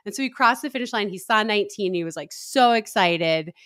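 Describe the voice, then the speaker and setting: A middle-aged woman chats on a podcast, telling her story with animated energy. She jumps up high in pitch when she quotes other people. The sound is close and dry, with no room around it. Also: brisk, no echo. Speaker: podcast co-host. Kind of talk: casual chat.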